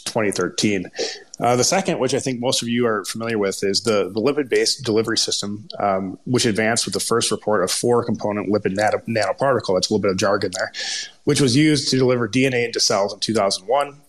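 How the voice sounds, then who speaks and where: A man with a Minnesota accent, co-hosting a podcast and explaining research history off the cuff, with frequent restarts and cut-off words. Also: on the low side. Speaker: podcast co-host, scientist.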